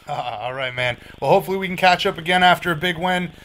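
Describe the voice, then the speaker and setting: Bright, clear-voiced male radio host. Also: a little high, fairly quick. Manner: friendly, easygoing, calls guests man and brother. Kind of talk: casual radio interview and show links.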